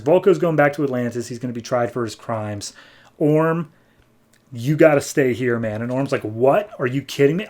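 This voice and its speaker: Casual male comic podcast host. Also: mid-range voice. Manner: animated retelling with quick quoted voices. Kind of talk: casual comic recap and review.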